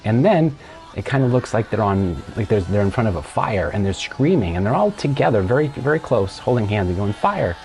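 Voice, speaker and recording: A man hosting a casual solo show, retelling things in a rambling, animated way with plenty of restarts. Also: on the low side, brisk. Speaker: podcast host.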